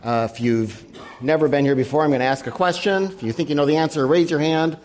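A man moderating a panel and running a news quiz for an audience, brisk and wry, dropping his voice for asides. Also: a little high, darkish tone. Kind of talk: live panel event hosting.

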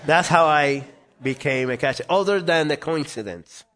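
Man telling a lively story. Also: fairly high pitch, moderate pace, noisy background. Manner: animated, acts out quoted voices. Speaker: interview guest. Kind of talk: storytelling in conversation.

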